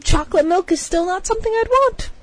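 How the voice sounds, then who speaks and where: A woman's voice: very high voice, expressive, fast. A woman co-hosting a casual comedy podcast, giggly and silly, full of wordplay and goofy voices. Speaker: podcast co-host.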